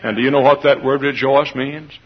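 Preacher guy, folksy sermon, raspy voice, dull old radio recording. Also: mid-range voice, fairly even intonation, brisk. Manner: folksy, shouts and laughs, leads singing.

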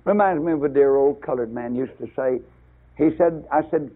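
An older man preaching a fiery sermon, climbing to loud emphatic bursts and then dropping low. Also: normal speed. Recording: tinny lo-fi radio broadcast.

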